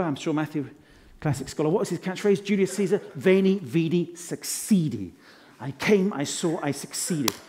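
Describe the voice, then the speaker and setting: A man's voice: on the high side, darkish tone. A man playing a pompous rhyming business guru. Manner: showy rhyming wordplay, quizzes the audience. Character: pompous rhyming male management guru, self-adoring. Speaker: motivational speaker character. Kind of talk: live stage comedy act. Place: conference stage before an audience.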